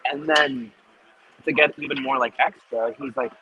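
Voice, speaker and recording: A man's voice: mid-range voice, moderate pace. Man retelling a story, lots of "like". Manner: animated retelling with acted-out quotes and many "like" fillers. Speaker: podcast host. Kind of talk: casual storytelling chat. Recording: dull lo-fi recording with clear noise.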